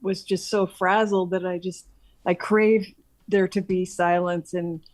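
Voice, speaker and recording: A woman reflecting softly in a casual conversation, running her thoughts together with many 'and's. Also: on the low side, flat delivery, a little slow. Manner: soft-spoken, reflective, trails on with 'and'.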